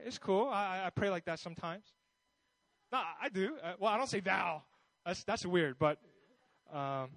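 A man's voice: high voice, a bit bright, no echo, poor audio. A man preaching a sermon in a conversational way, often restarting his sentences and checking in with his listeners. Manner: conversational, with many restarts and asides. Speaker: pastor.

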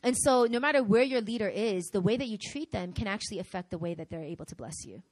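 Woman pastor, middle-aged, lively sermon delivery, dry close sound. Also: mid-range voice, fast talker, dry recording. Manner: animated, acts out quoted voices.

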